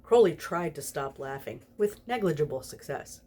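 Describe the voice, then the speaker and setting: A woman's voice: low voice, animated, moderate pace, few pauses, warm tone, husky. A tipsy woman reading a story aloud, giggling through it. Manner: giggly, snorty laughs while reading. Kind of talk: reading fan fiction aloud.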